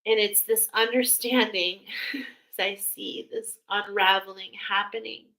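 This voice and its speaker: A woman giving a spiritual oracle card reading to her viewers, speaking with emotional awe and warm affirmations. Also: medium pitch, steady tone, unhurried, rough recording.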